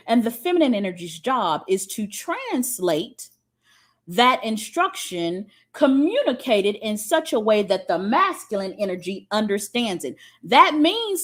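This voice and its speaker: A woman's voice: sits high, a bit bright. A woman giving a spiritual teaching talk in a blunt, profane and emphatic way, often checking in with "okay?".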